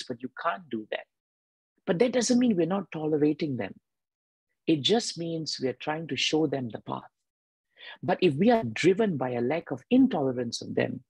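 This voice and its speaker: A man giving a devotional sermon with a husky voice, emphatic and repeating key phrases. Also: on the high side, darkish tone, no room sound, poor audio. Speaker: devotional speaker.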